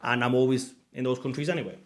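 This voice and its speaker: A man's voice: mid-range voice, fairly even intonation, fast talker. A man in his thirties talking straight to his viewers as a fitness coach, emphatic and pushy, repeating his points. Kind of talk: direct-to-camera motivational talk.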